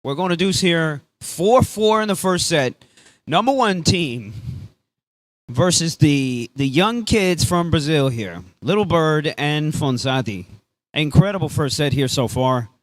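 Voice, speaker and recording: A man calling a beach tennis match live, casual and excitable, dropping Spanish phrases into his play-by-play. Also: on the high side, unhurried, no echo. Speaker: sports commentator.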